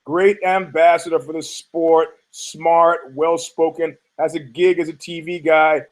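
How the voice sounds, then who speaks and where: A man's voice: on the high side, flat delivery, measured pace. A man hosting a solo podcast, rambling in a sardonic, profane way with many restarts. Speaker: podcast host. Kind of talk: casual solo podcast monologue.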